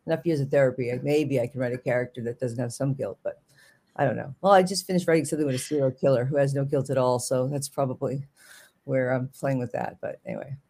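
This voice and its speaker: In a fast, animated delivery with a mid-range pitch and darkish tone, the author guest from New York chats casually in an interview. The talk wanders, breaks off to restart, and is full of jokes.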